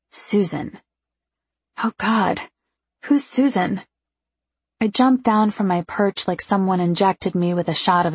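A woman with a husky, gravelly voice narrating a first-person novel in an intimate, confiding way. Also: on the low side, no room sound. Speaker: audiobook narrator.

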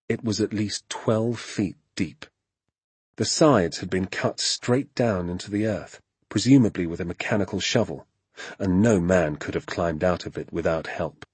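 A man narrating a storybook in a hushed, suspenseful manner. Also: deep voice, slightly rough, dry recording.

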